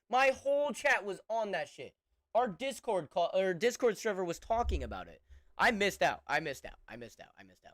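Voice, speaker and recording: A man's voice: fairly high pitch, a bit bright, dry recording, clean studio sound. A young man streaming, chatting casually and profanely, rambling and laughing often.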